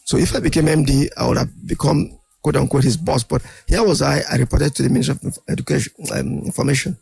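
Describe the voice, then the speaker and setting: An older man, a guest in an interview, telling animated anecdotes and acting out other people's voices. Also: fairly high pitch, quick pace, creaky, slightly rough. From Nigeria. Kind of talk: storytelling interview.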